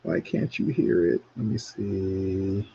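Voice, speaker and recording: A man's voice: deep voice, lively intonation, slow, gravelly, mellow, slightly rough, lo-fi sound. A man hosting a talk radio show in casual chat, rambling with many restarts.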